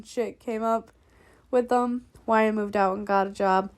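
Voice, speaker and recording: A woman's voice: medium pitch, fairly even intonation, a little slow, clear, resonant tone. A young woman casually reading a fan story aloud, laughing often, swearing and breaking off to react. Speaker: fanfic reader.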